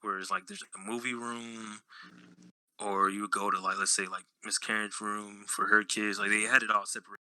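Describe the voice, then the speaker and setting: A man's voice: fairly low pitch, little pitch movement, normal speed, sharp tone, no room sound, low-quality recording. A young man telling stories in a casual podcast chat, blunt and slangy. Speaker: podcast host.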